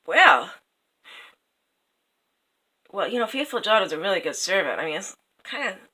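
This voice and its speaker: A woman's voice: medium pitch, very animated, moderate pace, pushed and bright, husky, full character voice. A woman voicing an impulsive, emotional young king in a casual retelling. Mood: hushed.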